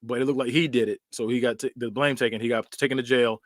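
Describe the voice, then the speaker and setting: A man's voice: mid-range voice, dry recording, studio quality. A man hosting a podcast, casually recapping horror movie scenes and acting out bits with sound effects. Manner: animated storytelling, acts out scenes with quick sound effects and laughs. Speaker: podcast host.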